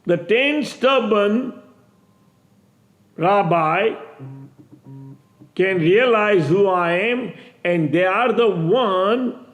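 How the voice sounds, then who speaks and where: Man in his 60s, high-pitched, slow and emphatic, repeats himself, preaching to camera. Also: muffled recording. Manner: emphatic and repetitive, with halting restarts. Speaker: self-proclaimed messiah addressing viewers.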